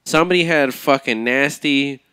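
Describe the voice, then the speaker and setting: A man with a smooth, clear mid-range voice chats in a laid-back, slangy way and swears freely. The sound is dry, with no room echo. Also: mid-range voice, normal speed, sharp tone. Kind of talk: casual chat.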